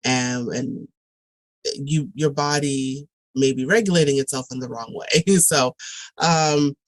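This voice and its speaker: A tutoring director appears as a guest on a casual podcast, speaking reflectively and thoughtfully with many ums and restarts. Her very deep voice has a steady tone and slow pace, on a dry, rough recording.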